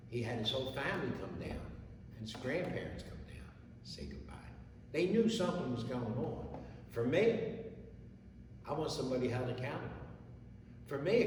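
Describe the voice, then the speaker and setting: Middle-aged Gold Star father, halting testimony, reverb-heavy distant hall sound with faint ambience. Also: medium pitch, slight background noise. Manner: plain-spoken, halting, repeats words and restarts. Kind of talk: emotional personal testimony to an audience.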